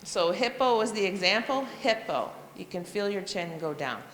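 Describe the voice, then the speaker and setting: A woman teacher walks fellow educators through a phonics method, spelling letters and sounding them out slowly. Her explanatory talk has a long reverb, as if spoken in a large hall. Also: medium pitch, expressive, fairly bright tone, slight background noise. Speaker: reading intervention teacher. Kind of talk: professional development presentation. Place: school room or hall.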